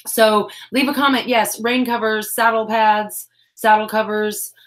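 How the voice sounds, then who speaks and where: A woman's voice: on the high side, level tone, a little slow. A woman, hosting a crafting livestream from her home craft room, chatting casually and self-deprecatingly while reading the chat aloud.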